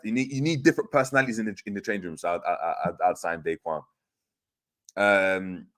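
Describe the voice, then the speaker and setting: A man's voice: lowish voice, a bit bright. A man hosting a livestream, reading chat comments aloud in slangy, teasing banter. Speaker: host reading live chat.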